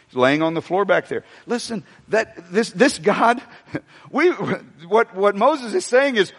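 A man preaching a sermon, animated, repeating himself and speaking straight to the congregation. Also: high-pitched, normal speed. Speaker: pastor. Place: church sanctuary. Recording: long hall reverb from a church sanctuary.

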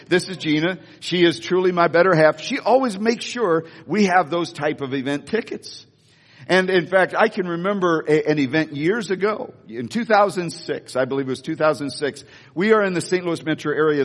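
A male pastor giving a lively sermon, telling stories and joking with the congregation. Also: high voice. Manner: animated storytelling with audience asides. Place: church hall. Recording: hall reverb.

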